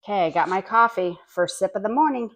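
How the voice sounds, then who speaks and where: A woman vlogger demonstrates baking in her home kitchen, chatty and homey, sampling her work and occasionally talking through a mouthful. She has a mid-range voice and a quick pace.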